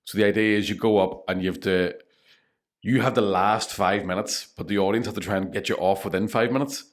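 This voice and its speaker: A young man with a Northern Irish accent, a comedian telling animated stories on a podcast, swearing freely and laughing through them. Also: lowish voice, brisk. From Northern Ireland. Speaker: comedian guest. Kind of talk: casual storytelling.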